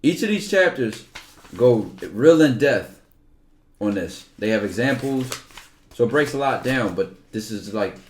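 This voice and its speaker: A man's voice: mid-range voice, animated, measured pace. A young man livestreaming, talking casually and emphatically, with lots of profanity, and sometimes reading aloud from a book.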